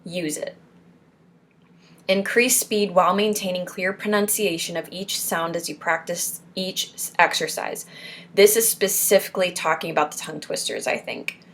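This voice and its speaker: A woman's voice: fairly low pitch, moderate pace. A young woman from Florida reads through speech exercises and adds encouraging asides as a support group host. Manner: encouraging, pep-talk asides between read points. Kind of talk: reading and commenting on speech exercises.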